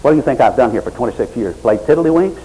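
A middle-aged male pastor preaching a sermon, swinging from loud, high exhortation to low, quiet pleading. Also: lively intonation, fast, poor audio.

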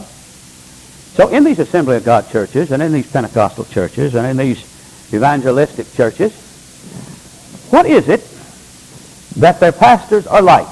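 A man preaching a sermon from the pulpit, asking the congregation rhetorical questions and swinging between low, emphatic lines and high exclamations. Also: darkish tone, slight background noise, poor audio. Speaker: pastor. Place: church.

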